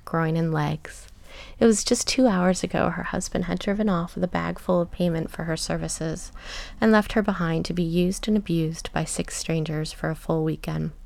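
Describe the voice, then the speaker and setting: A woman narrating a story in a soft, measured reading that often drops to a whisper. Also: on the low side, gravelly, no echo.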